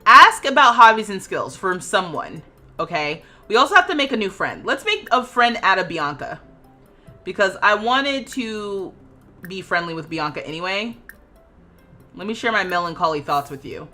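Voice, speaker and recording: A woman in her thirties streaming a life-sim game, ranting dramatically with loud outbursts and laughter, then settling into explanations for her chat. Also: mid-range voice, sing-song, normal speed, soft background music. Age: 30s. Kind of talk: livestream gameplay commentary.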